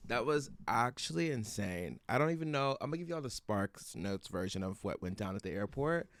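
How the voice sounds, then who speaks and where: A man's voice: fairly low pitch, lively intonation, a little fast, no room sound, studio quality. A young man, a guest on a casual podcast chat, telling a story in a sassy, playful way. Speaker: guest, best friend. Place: hotel room floor.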